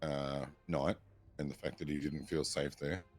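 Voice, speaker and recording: A man's voice: a bass voice, steady tone, unhurried, slightly rough, soft background music. A man playing a police officer in a roleplay discussion, reading through a statement and rebutting it point by point. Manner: methodical, reads out a statement and rebuts it.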